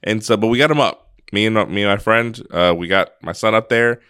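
A man's voice: on the low side, fairly quick, a bit bright, clear, resonant tone, no echo, studio quality. A man co-hosting a podcast, telling a personal story in an earnest, casual way, often restarting his sentences. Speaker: podcast co-host.

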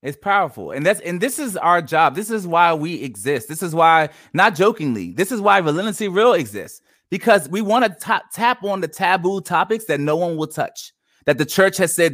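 A man's voice: high voice, lively intonation, moderate pace, fairly bright tone, no room sound, clean studio sound. A man in his thirties co-hosting a casual faith discussion, emphatic and preachy. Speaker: podcast co-host.

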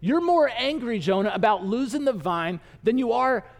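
Man voicing God, patient loving father, pleading, high voice, reverberant hall. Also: lively intonation, normal speed.

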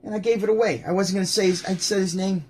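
A man's voice: sits high, steady tone, fast, darkish tone, husky. A man hosting his own show, chatting casually and ramblingly about his favorite comedians, with frequent restarts and asides. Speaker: show host. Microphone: home setup near a window.

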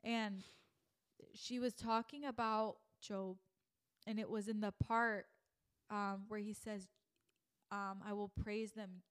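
Young female podcast host, lively storyteller who acts out her own thoughts. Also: mid-range voice, slow, long pauses, clean tone. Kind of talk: faith podcast conversation.

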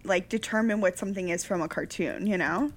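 A young woman co-hosting a podcast in casual chat, animated and gushing, laughing often. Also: mid-range voice, fairly quick. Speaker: podcast co-host.

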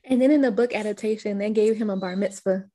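A woman's voice: mid-range voice, quick pace, warm tone. A woman co-hosting a casual chat, running through scenes and giggling often. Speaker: podcast co-host. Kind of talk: casual chat recapping a film.

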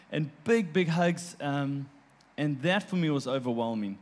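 Heartfelt halting man telling a story. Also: a little high, expressive. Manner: heartfelt, halting, repeats words, laughs between stories. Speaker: guest. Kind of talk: personal storytelling.

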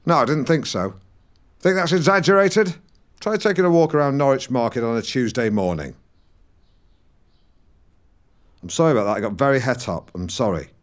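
A man's voice: a little high, sing-song, brisk. A man playing a pompous, touchy middle-aged male broadcaster who hosts a comedy podcast, talking in a defensive, pedantic rant. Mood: apologetic. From Norfolk, England. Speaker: podcast host. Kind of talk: scripted comedy podcast monologue.

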